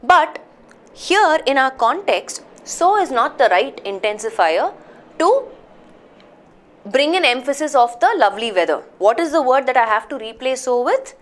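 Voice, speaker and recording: A woman's voice: high-pitched, sing-song, measured pace. A woman teaching a live grammar class, explaining patiently and checking that students follow.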